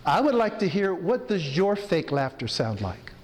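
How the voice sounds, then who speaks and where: Man, chaplain leading a workshop; high, unhurried delivery; echoey hotel hall. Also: slight background noise. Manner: coaching an audience through breathing, demonstrates laughter. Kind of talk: interactive workshop talk. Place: hotel event room. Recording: long hall reverb, faint ambience.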